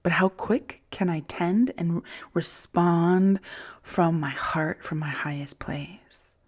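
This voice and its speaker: A woman hosting a podcast, speaking in a candid, reflective monologue that often drops into soft whispers, with casual swearing. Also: fairly low pitch, takes it slowly. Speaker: podcast host.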